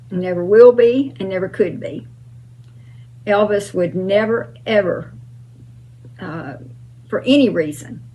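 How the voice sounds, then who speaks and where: A woman's voice: lowish voice, darkish tone, a little hiss or hum, low-quality recording. An older woman hosting her own channel, answering fan questions in an emphatic, casual way with frequent uh and um.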